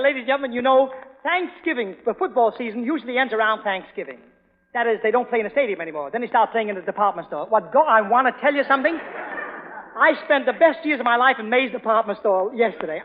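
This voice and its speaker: A man hosting a variety show, telling a comic monologue and trading gags in brisk, punchy bursts. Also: very high voice, expressive, slight background noise. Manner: brisk, punchy joke delivery with exclamations. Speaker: host. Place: theater stage before a live audience. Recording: muffled, echoey 1930s radio broadcast with audience.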